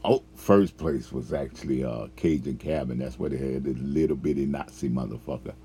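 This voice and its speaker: A man's voice: rumbling low, normal speed, mellow, husky. A man telling a rambling, profane story about past jobs, full of fillers and chuckles. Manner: profane, laughs often, trails off with fillers.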